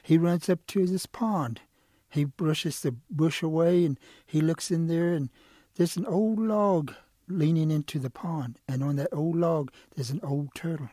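Guy telling an old animal folk tale, warm soft voice, kinda husky, close and dry. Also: a little high, a little slow, dry recording. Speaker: storyteller. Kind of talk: oral folk storytelling.

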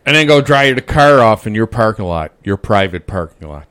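A man's voice: on the low side, expressive, fairly quick, fairly bright tone, clear, resonant tone. A man, venting with heavy profanity in casual chat.

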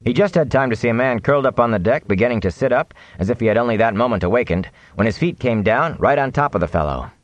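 A man reading a fantasy novel aloud in animated, expressive audiobook narration. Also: medium pitch, fast, hardly any pauses, dry recording.

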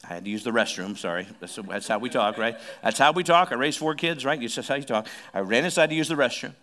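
A man's voice: mid-range voice, expressive, fast talker, fairly bright tone. A middle-aged man preaching a sermon as pastor, conversational and joking, repeating phrases for emphasis.

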